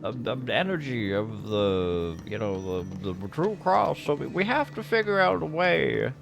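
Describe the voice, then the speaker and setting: A man putting on the voice of a fussy male lab bureaucrat, halting and pedantic, pitched well above his own. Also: big pitch swings, gravelly.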